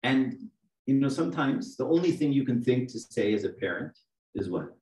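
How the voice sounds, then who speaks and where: A man's voice: medium pitch, lively intonation, normal speed, a little mellow. A middle-aged man preaching a conversational sermon as archdeacon, often checking in with the congregation. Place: church. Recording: echoey room, mic from a distance.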